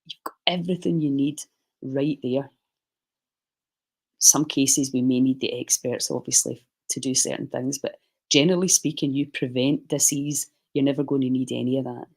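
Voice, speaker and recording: A man's voice: mid-range voice, level tone, normal speed, a little mellow, low-quality recording. A man leading a guided breathing session on a live stream, chatty and reassuring as he coaches.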